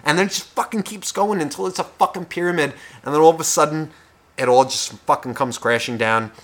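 Brief: young male podcast co-host, slightly high voice, swears constantly, heated rants that drop to whispers and then flare up. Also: a little fast. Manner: profane, heated, swings between loud and whispering. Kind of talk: casual podcast rant.

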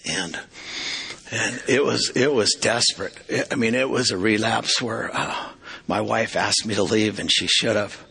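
Middle-aged male preacher, forceful low delivery, earnest, halting, confessional. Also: vocal fry, slightly rough. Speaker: preacher giving testimony. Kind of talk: testimony sermon.

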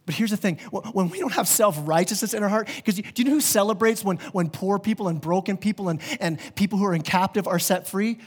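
A man's voice: high-pitched, quick pace, few pauses, breathy edge. A man preaching a sermon as pastor, earnest and conversational, with vivid everyday examples. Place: church sanctuary. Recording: long reverb of a large church hall.

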